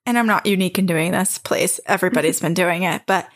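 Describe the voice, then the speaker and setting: A woman's voice: fairly low pitch, fast. A woman co-hosting a podcast in casual chat, rambling with many fillers into a microphone on a stand. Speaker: podcast co-host.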